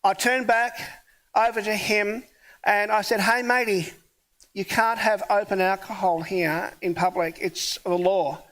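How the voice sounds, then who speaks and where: High-voiced pastor preaching a story. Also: male voice, fairly even intonation, a little slow, fairly bright tone. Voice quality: hard of hearing. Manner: storytelling, conversational, acts out dialogue. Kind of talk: sermon with personal story.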